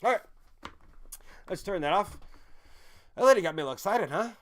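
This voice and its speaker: Ranting male stream host, slightly high. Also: expressive, brisk. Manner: heated, profane, swings between shouting and muttering. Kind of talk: ranting live stream monologue.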